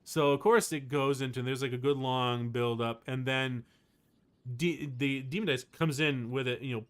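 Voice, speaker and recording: A man livestreaming, chatting casually with his viewers in a rambling, excitable way, full of fillers. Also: mid-range voice, moderate pace, smooth. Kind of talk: casual chat to a live chat.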